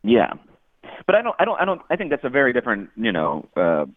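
A man's voice: medium pitch, wildly swooping pitch, fast talker, no room sound. A man chatting casually and laughing often as a podcast guest. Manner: laughing, rambling. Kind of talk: casual chat. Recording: dry tinny phone-like line.

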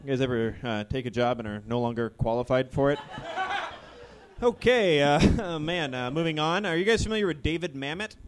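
A man doing a stand-up set in a live ballroom, delivering awkward, deadpan one-liners. His voice is fairly high and very lively in pitch. A faint hiss runs behind him. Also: moderate pace. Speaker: stand-up comedian.

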